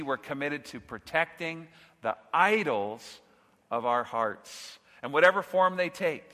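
A man preaching an expository sermon as pastor, earnest and emphatic, dropping low on key phrases. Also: bright, forceful tone. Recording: reverberant hall.

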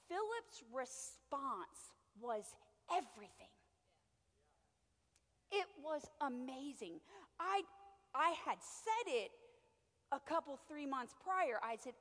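A woman preaching a sermon, moving between quiet, chatty storytelling and loud, fervent exhortation. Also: on the high side, in a large hall.

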